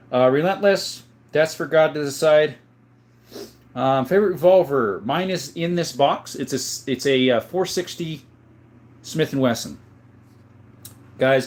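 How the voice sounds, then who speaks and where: A man in his thirties from the US, chatting casually on a livestream, reading viewer comments and answering in a folksy, relaxed way. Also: mid-range voice. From USA. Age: 30s. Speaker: gun collector livestreaming.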